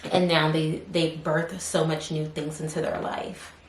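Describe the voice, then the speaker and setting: A woman doing a casual tarot reading, rambling with many fillers and softly murmuring questions to spirit between cards. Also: low-pitched, little pitch movement, a little slow. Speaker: tarot reader. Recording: roomy echo, faint background hiss.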